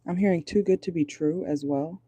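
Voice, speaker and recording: A tarot reader doing a casual reading from inside a car, pausing often while channeling, swearing and laughing nervously. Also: mid-range voice, dark tone, husky.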